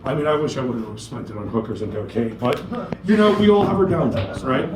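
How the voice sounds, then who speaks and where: A man's voice: mid-range voice, animated, a little fast, reverberant, background noise. Crude, rambling middle-aged comic man. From New York. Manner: crude, rambling storytelling full of swearing. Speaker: stand-up comic. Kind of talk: stand-up comedy set.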